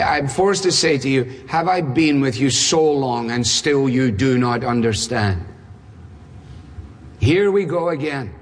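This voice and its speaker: Husky preacher man in a reverberant hall. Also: mid-range voice. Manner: rhetorical questions, wry asides, dramatic emphasis. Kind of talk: sermon.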